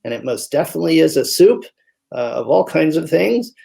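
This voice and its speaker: A male physician guest in a conversational interview, explaining with lively stories and acting out little voices. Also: a little high, fairly quick, vocal fry, husky. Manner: animated storyteller who acts out voices.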